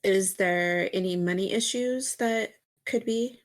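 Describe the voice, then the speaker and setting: A woman player in a tabletop game, asking steady questions in a calm, even voice at a medium pitch. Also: slow pace. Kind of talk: tabletop role-play.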